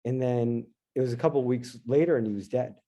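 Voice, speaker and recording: A middle-aged man, a guest in an interview, telling a personal story in an animated, casual way and acting out his own past lines. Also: mid-range voice, a little fast. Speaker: interview guest, dentist and investor.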